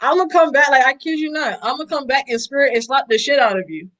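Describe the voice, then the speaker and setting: A woman's voice: sits high, quick pace, a bit bright, rough recording. A young woman co-hosting a casual podcast chat, talking in an emphatic, profane way and laughing often. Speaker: podcast co-host.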